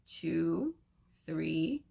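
A woman librarian leading a virtual story time, reading a picture book aloud and chatting to young children in an animated way. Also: low voice, creaky, slightly rough. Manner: animated, slow, talks to children.

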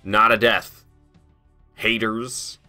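A man talks loosely through a game stream from his garage, drifting between topics and cursing casually. His voice sits a bit low but sounds bright and forceful. Faint music plays under him. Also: level tone, very slow. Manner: rambling, swears freely, laughs at himself. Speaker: gaming streamer. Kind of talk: casual live-stream chat while playing.

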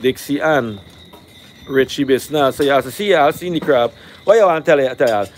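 A man hosting a live stream from a rooftop cookout, reeling off shout-outs and ranting at critics in a brash, animated way. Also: mid-range voice, fairly quick, slight background noise.

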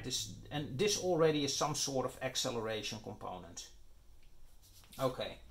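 A man's voice: mid-range voice, a bit bright. A man lecturing on physics, explaining his derivation step by step and often checking in with "right?" and "okay?". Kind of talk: explaining at a whiteboard.

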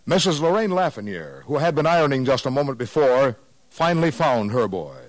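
A man narrating a scripted radio documentary in a measured, solemn way. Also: mid-range voice, sing-song, no echo.

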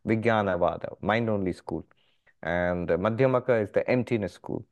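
Man giving a lively philosophy lecture. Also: lowish voice, moderate pace. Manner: discursive, explaining step by step with lively emphasis. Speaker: monk teaching a scripture class.

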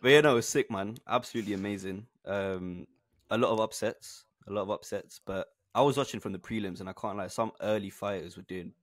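A man's voice: lowish voice, fairly quick, dry recording. A young man, chatting and laughing at his own slip-ups as a podcast co-host. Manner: laughing, self-mocking banter with slang. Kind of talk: casual chat.

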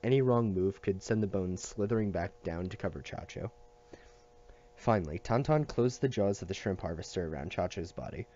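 Low, mellow male audiobook reader. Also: moderate pace, lo-fi sound, slight background noise. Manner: steady reading with small slips and restarts. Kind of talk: reading a novel aloud.

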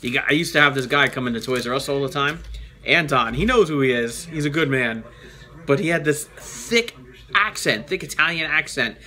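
A man's voice: mid-range voice, lively intonation, normal speed, sharp tone. A man hosting a toy show, chatting casually as he reads out names and makes joking asides. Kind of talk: casual card-opening chat.

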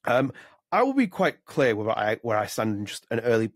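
A man's voice: mid-range voice, big pitch swings, no echo, clean studio sound. A man co-hosting a gaming podcast, chatting casually and rambling with lots of fillers. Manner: rapid, rambling with many fillers. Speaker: podcast co-host. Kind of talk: casual chat.

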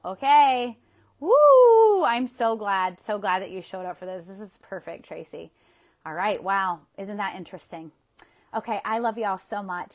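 A woman talks to her viewers through a phone during a livestream, coaching them in tapping. She is chatty and affectionate, often restarting her sentences. Her voice sits at an ordinary middle pitch.

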